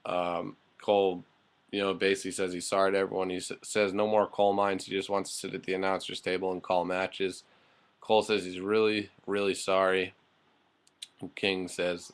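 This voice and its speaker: A man's voice: sits low, little pitch movement, normal speed, fairly bright tone, clear, resonant tone. A man giving a casual, rambling spoken recap of a wrestling show, full of fillers and offhand, blunt remarks.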